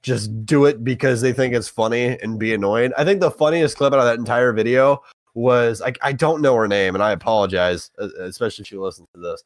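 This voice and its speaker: A young man co-hosting a gaming podcast, ranting in a heated, profane, emphatic way that climbs higher when he gets worked up. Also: brisk, no echo. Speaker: podcast co-host. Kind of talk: heated casual rant.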